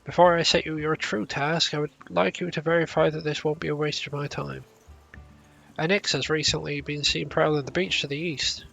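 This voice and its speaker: A man's voice: on the high side, flat delivery, moderate pace, gravelly, a bit bright, lo-fi sound, faint music behind. A man doing a haughty, condescending steward.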